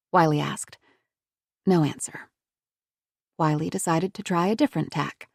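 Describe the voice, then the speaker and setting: A woman narrating a thriller audiobook in a measured, even storytelling manner. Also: low voice, vocal fry, no echo, studio quality.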